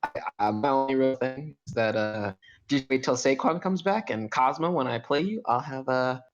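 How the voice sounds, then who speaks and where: A man's voice: medium pitch, normal speed, highs cut off, soft background music. A man co-hosting a podcast, talking in an earnest, hesitant and supportive way. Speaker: podcast co-host. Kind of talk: casual chat.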